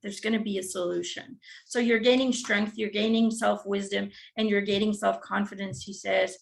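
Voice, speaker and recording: A woman's voice: mid-range voice, fairly even intonation, moderate pace, gravelly, poor audio. A woman giving a channeled spiritual reading, relaying a guide's messages with frequent "he says" and ums. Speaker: spiritual reader.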